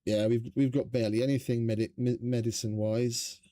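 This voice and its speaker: A man's voice: mid-range voice, level tone, brisk, warm tone, dry recording, clean studio sound. A man streaming a survival game, chatting casually in a rambling, profane, stop-start way. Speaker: gaming streamer. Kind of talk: casual gameplay commentary.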